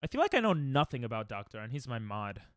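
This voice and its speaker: A man's voice: medium pitch, huge pitch swings, fast talker, no echo, studio quality. A man streaming a speedrun, chatting casually and joking with chat, laughing often.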